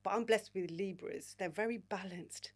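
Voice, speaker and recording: A woman's voice: medium pitch, moderate pace, a little mellow. A woman, a podcast guest who talks candidly, swears freely and calls people babe and mate. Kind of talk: casual podcast interview.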